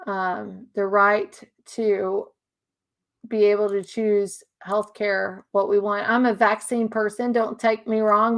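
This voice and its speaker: A woman talking earnestly in an unscripted monologue, repeating herself and restarting sentences often. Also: medium pitch. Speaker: speaker sharing religious views. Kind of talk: casual emotional monologue.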